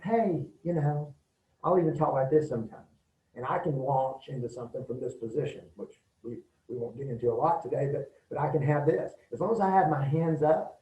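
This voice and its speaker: Middle-aged man, folksy instructor, mellow voice, recorded from a distance in a roomy space. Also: medium pitch. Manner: folksy, demonstrative, acts out quick quoted bits. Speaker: martial arts instructor. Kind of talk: casual safety talk to an audience. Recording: roomy, distant, dull lo-fi sound.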